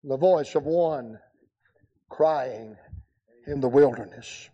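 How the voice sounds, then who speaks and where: A man's voice: mid-range voice, slow, long pauses, dark tone, breathy edge. An older man preaching a revival sermon, telling folksy stories with humor. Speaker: evangelist preacher.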